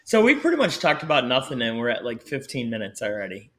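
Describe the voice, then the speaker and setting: Guy from buffalo hosting a podcast, bright voice, joking around and ribbing his cohosts. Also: medium pitch, huge pitch swings, quick pace. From Buffalo, New York. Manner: joking, teasing, self-mocking. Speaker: podcast host. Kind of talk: casual chat.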